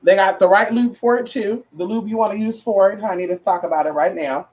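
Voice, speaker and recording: Brisk and darkish in tone, a woman with a medium-pitched voice vlogs casually, all sass and slang, calling people honey and girl and doubling down on phrases for emphasis. Her recording sounds muffled and lo-fi.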